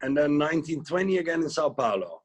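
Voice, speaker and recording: Breathy Dutch man chatting casually. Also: a little high, big pitch swings, fast. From Netherlands. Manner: chatty, hesitant, with lots of "you know, like" fillers. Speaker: guest instructor. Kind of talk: casual interview over a video call.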